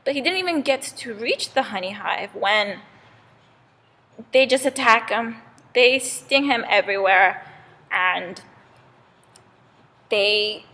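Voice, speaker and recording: A woman's voice: medium pitch, expressive, slow, pauses often, bright, forceful tone. A young woman casually retelling a fable aloud as a student storyteller, with many fillers. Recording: long reverb in a hall.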